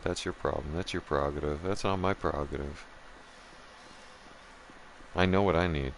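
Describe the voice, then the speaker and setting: A man's voice: a bass voice, fairly even intonation, unhurried, long pauses, slight background noise. A man hosting a gaming channel, ranting profanely in casual chat and talking straight to his viewers. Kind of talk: casual rant while streaming a game.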